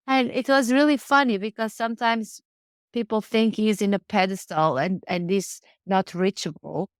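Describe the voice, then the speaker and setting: A woman's voice: on the high side, animated, measured pace, no room sound, studio quality. A woman, speaking earnestly in a casual interview and often repeating words as she searches for phrasing. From Portugal. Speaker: guest, riding instructor.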